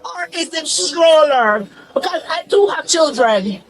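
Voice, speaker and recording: A woman's voice: sits high, animated, measured pace. A woman arguing with police in a rambling, defiant, agitated way, picked up by an officer's body camera. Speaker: arrested suspect. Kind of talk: heated confrontation with police. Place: theme park, among guests. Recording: bodycam audio with crowd noise.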